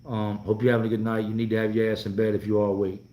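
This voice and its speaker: A man's voice: lowish voice, little pitch movement, rapid-fire, dark tone. Blunt, roomy-sounding man from North Carolina. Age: 40s. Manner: blunt and profane, loose rambling delivery. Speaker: vlogger hosting a live stream. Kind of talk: casual live-stream chat, reading viewer comments. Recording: roomy echo.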